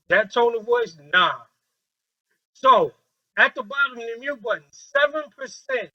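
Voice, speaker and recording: A man leading a training workshop with a group, talking in a lively, joking way and acting out quoted voices on a handheld mic. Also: extremely high pitch, a little slow, low-quality recording.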